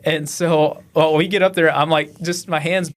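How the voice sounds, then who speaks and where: A man's voice: a little high, steady tone, moderate pace. Easygoing cop guy in his 30s, rambly storytelling, lots of uh and like. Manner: laid-back, self-deprecating, full of fillers. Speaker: police officer guest. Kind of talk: casual storytelling.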